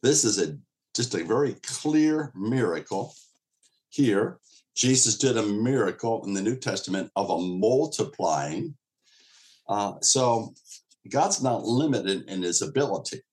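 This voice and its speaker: A man with a fairly low voice gives a casual Bible teaching to an online group. He talks like a pastor chatting with his congregation, calling them folks and circling back over his words. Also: lively intonation, unhurried, a little mellow. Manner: conversational, repeats words and restarts, addresses listeners as folks. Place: streamed church teaching session.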